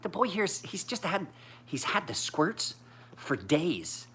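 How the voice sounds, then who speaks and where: A woman's voice: on the low side, very animated, a little slow, fairly bright tone, a little hiss or hum, voice pushed up. A man voicing his elderly grandmother as a fussing, gossipy churchgoer with a doting sing-song. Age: older.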